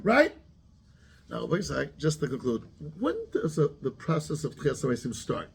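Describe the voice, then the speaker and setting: A man's voice: fairly high pitch, big pitch swings, moderate pace, vocal fry, a little hiss or hum. A man, a rabbi giving a Torah class who keeps asking his students questions and mixes Hebrew terms into his English.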